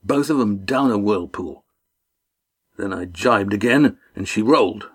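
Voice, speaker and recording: A man voicing a shifty male sailor with a rough, drawling way of talking. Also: on the low side, a little slow. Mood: sly.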